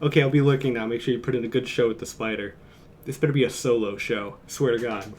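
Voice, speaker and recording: A man's voice: medium pitch, steady tone, fast talker, darkish tone, a little hiss or hum. A man streaming from home, chatting casually in a rambling, jokey way and chuckling often. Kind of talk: casual live-stream chat.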